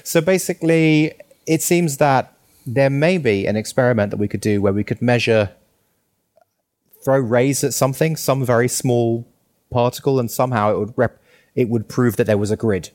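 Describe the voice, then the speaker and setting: A man's voice: medium pitch, moderate pace, darkish tone. A man co-hosting a casual tech podcast, eager and chatty, always jumping ahead to the next thing. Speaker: podcast co-host.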